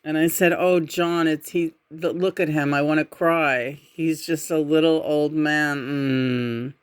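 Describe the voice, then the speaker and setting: A woman giving a casual tarot reading in a musing, meandering way, often humming softly between thoughts. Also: deep voice, fairly even intonation, unhurried, clear, resonant tone, no room sound. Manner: meandering, musing, with frequent murmured hums. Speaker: tarot reader.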